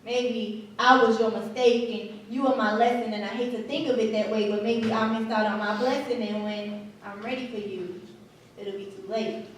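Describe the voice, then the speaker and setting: A woman performing spoken word poetry at an open mic, with a slow, rhythmic delivery and softly dropped line endings. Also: on the high side, fairly even intonation, slight background noise. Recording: echoey room, far from the mic.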